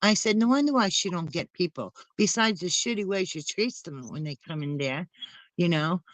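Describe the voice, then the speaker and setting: A woman's voice: fairly low pitch, lively intonation, normal speed, no room sound, low-quality recording. A woman co-hosting a casual chat, rambling through long stories and speaking bluntly with casual swearing. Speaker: channel co-host.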